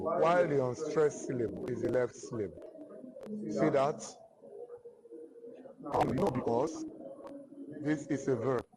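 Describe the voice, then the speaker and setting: A man with a Nigerian English accent teaching a literature lesson, speaking slowly and repeating each definition several times. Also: mid-range voice, very noisy. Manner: slow and repetitive, restating definitions. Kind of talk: classroom lecture.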